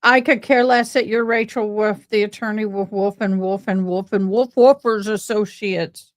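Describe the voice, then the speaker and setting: A woman's voice: mid-range voice, steady tone, normal speed, no echo. A woman with a Southern accent from Tennessee and Texas, hosting a casual livestream chat in a folksy, drawling way. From East Tennessee, raised in Louisiana. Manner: folksy, chatty, drawling with playful dialect. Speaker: livestream host.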